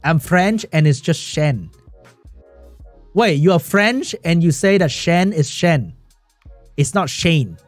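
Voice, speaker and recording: A man calls an esports match live on his stream, and his voice swings up and down as he gets excited. He laughs a lot and answers his chat between plays. The sound is dry and close, with faint music in the background. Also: a little high, slow pace, pauses often, dry recording. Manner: excitable, laughs often, chats with viewers. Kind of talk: live game commentary while reading chat.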